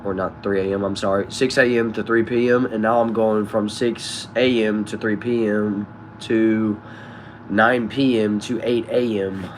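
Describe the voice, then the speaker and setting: This streamer's voice is fairly low in pitch, with slight background noise behind it. He's reading his chat aloud and talking casually with viewers in relaxed slang, using y'all and bro.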